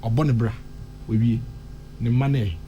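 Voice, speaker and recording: A man's voice: medium pitch, fairly even intonation, measured pace, warm tone, lo-fi sound, a little hiss or hum. A Ghanaian man with a Ghanaian accent commenting on a morning radio talk show, impassioned, switching between English and Twi and repeating phrases for emphasis. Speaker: radio discussion panelist.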